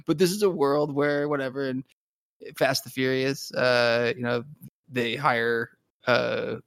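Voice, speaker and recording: A man's voice: mid-range voice, steady tone, unhurried, creaky, fairly bright tone, clean tone, no echo. A man chatting casually as a podcast co-host, rambling with frequent restarts and laughter. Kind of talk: casual chat.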